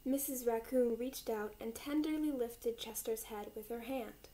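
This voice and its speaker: A young woman, a volunteer reader, calmly reading a children's picture book aloud. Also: on the high side, a little slow, poor audio.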